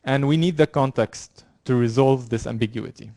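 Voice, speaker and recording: A man's voice: mid-range voice, darkish tone, dry recording, clean studio sound. A man lecturing a university class, explaining with frequent fillers, repeated words and restarts. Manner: halting, many fillers and restarts. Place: lecture room.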